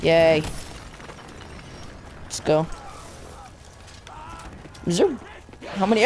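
Brief: chatty young gamer narrating play, excitable, a little noise behind. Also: medium pitch, takes it slowly, pauses often. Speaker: gameplay commentator. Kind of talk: casual game commentary.

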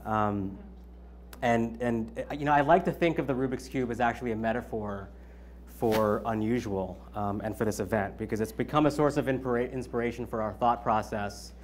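A man's voice: medium pitch, moderate pace, a little hiss or hum. A man in his thirties giving an opening keynote at his own event, conversational, with many ums and you-knows. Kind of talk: conference keynote speech.

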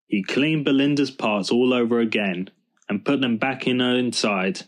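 A man reading a children's storybook aloud in a calm, measured narration. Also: mid-range voice. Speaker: storybook reader.

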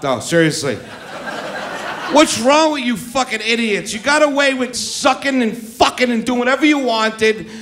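A man's voice: high voice, a bit bright. A middle-aged man doing a stand-up comedy set on a club stage, brash and profane, baiting the crowd into a handheld mic.

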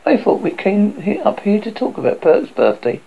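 A man doing a soft-hearted little girl. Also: sits high, wildly swooping pitch, moderate pace, gravelly, husky, highs cut off, pitched above the performer's own voice, exaggerated voice. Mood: questioning.

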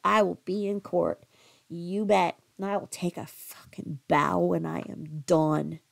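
A woman's voice: on the low side, flat delivery, a little slow, gravelly, dry recording. A woman hosting a livestream commentary, speaking emphatically and repeating herself for effect. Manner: emphatic, repetitive, reads chat aloud. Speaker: commentary channel host.

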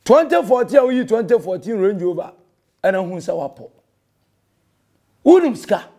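Man, Ghanaian accent, pastor, confrontational rebuttal, high pitch, warm tone. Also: sing-song, normal speed. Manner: scolding, confrontational, mixing in English phrases. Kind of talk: heated public rebuttal.

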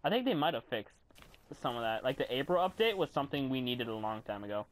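A young man giving casual commentary while playing a video game, swearing and yelling in frustration. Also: medium pitch, big pitch swings, fast talker. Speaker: gamer commentator.

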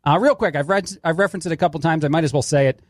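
A man's voice: on the high side, very fast, dry recording, clean studio sound. A man hosting a talk radio show, giving wry, opinionated commentary on the clips he plays. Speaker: fill-in radio host.

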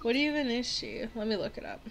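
A young woman giving rambling, giggly, excitable casual commentary while she plays a video game, with faint game music behind her. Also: fairly high pitch, brisk, creaky. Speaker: gaming video creator.

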